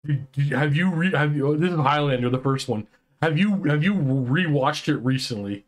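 A man co-hosting a casual online chat, ranting excitedly with many restarts and quick turns. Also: a little high. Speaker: podcast co-host.

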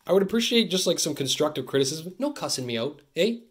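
A young man from Canada hosting a card-opening video, chatting to camera in an excitable, jokey way that swings between loud bursts and muttered asides. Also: fairly high pitch, fast, husky. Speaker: card-opening channel host. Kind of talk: casual pack-opening chat to camera.

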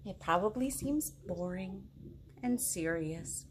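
A woman's voice: mid-range voice, lively intonation, slow, a little hiss or hum. A woman librarian leading a children's storytime, reading a silly book aloud with mock outrage and silly noises. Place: home, kids outside.

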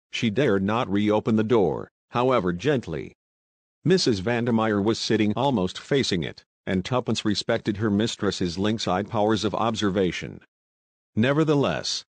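A man narrating an audiobook in a steady, even reading voice. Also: lowish voice, no room sound. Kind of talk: scripted narration.

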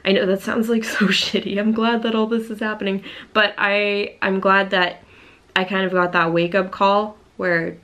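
A woman's voice: mid-range voice, level tone, moderate pace, a bit bright. A young adult woman talking frankly to camera in a casual vlog, open and unfiltered, with the odd swear word. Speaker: vlogger preparing for a physique competition. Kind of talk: candid casual vlog talk.

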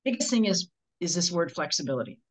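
A woman telling sales stories in casual conversation, acting out the people in them. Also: on the low side. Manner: fast, animated storytelling, acts out customers. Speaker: sales trainer guest.

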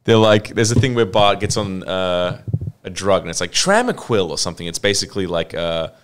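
A man's voice: deep voice, lively intonation, brisk, slight background noise. A man, hosting a podcast in casual chat and retelling a cartoon episode with lots of laughter and swearing. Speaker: podcast host.

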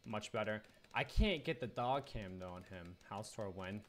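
A man's voice: lowish voice, moderate pace. A young man at home chatting casually and rambling while streaming a video game. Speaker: gaming streamer. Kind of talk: casual livestream commentary.

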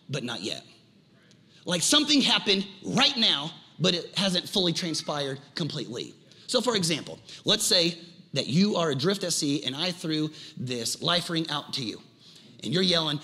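A middle-aged male pastor preaching a sermon, animated, with folksy humor and shouted climaxes. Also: on the high side.

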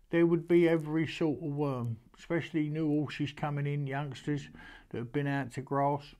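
An older Englishman talks casually and with feeling, in a homely, rambling way. His voice sits at an ordinary middle pitch, and he often stops and starts again mid-sentence. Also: a little mellow. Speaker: horseman showing an antique. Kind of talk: casual storytelling to camera.

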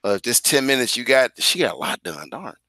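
A man's voice: mid-range voice, sing-song, fairly quick, gravelly, sharp tone, no echo. A male teacher guiding students through an online class on a video call, talking casually but directly and firmly.

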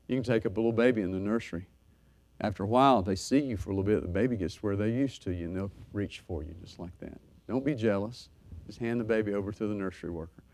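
A middle-aged man pastor preaching a sermon, swinging from loud fervor to soft, hushed talk. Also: lowish voice, fast talker.

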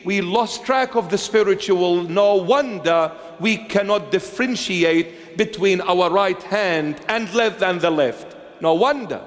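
A bishop preaching a sermon in a church, emphatic and repetitive, swinging between loud insistence and hushed low phrases. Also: male voice. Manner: emphatic, repetitive, dramatic swings in pitch and loudness. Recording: long reverb of a large church.

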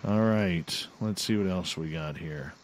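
A male radio host chatting casually and reading out listeners' results in a halting, unhurried way. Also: sits low, slight background noise. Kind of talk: casual talk-radio chat.

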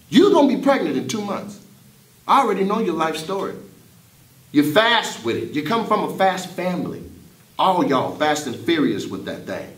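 A man playing a teacher in a comedy sketch, roasting his students in a loud, mocking way. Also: fairly high pitch, sing-song, normal speed, long pauses, far from the mic. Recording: echoey room with background noise.

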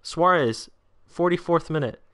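A nineteen-year-old man hosts a relaxed livestream, speaking a little slowly in a voice on the high side. He reads his viewers' comments aloud and chats back at them, getting a burst of excitement at big opportunities.

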